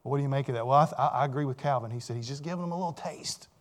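A man's voice: medium pitch, rapid-fire. A man preaching a sermon in a conversational, emphatic way, often asking the listeners rhetorical questions.

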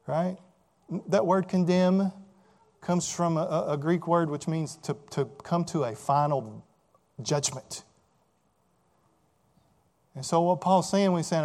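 A man delivers a sermon with a slightly high-pitched voice. He talks conversationally, stumbling over and repeating words as he goes, and keeps asking his listeners whether they understand. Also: measured pace, creaky, long pauses, a little mellow. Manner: conversational preaching with rhetorical questions and repeated words. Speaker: pastor.

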